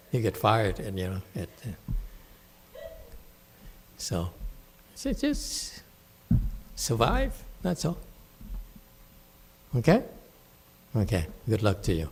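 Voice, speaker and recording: A man's voice: lowish voice, darkish tone, breathy edge. A man leading a meditation question-and-answer session, talking casually and playfully and laughing often. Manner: playful, laughs often, acts out quoted voices. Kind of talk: casual Q&A talk. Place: temple hall.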